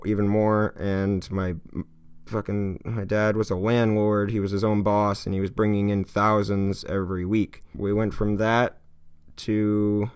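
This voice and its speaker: A man in his twenties from California, talking in an earnest confessional vlog, rambling and heartfelt, swearing often and swinging between hushed and heated. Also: fairly low pitch, clean tone. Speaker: YouTuber.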